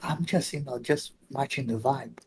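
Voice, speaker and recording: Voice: medium pitch, fairly even intonation, moderate pace, slight background noise, lightly acted. Player doing a goofy, stammering young knight. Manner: stammering, rambling, awkward. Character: goofy friendly young male knight, chatty, clueless.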